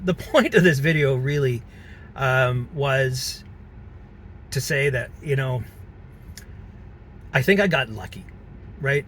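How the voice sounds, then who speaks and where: A man vlogging from inside a car, with a gravelly, fry-edged voice. He talks earnestly and haltingly, pausing on fillers as he reflects. A faint vehicle hum sits under his voice. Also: medium pitch, fairly bright tone. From Canada. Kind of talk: reflective personal vlog.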